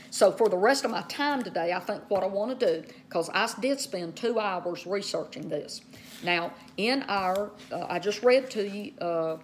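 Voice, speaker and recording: A woman teaching Bible study in a casual way, often saying "okay", spelling out words and slowing down to stress key terms. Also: medium pitch, a little mellow, a little hiss or hum.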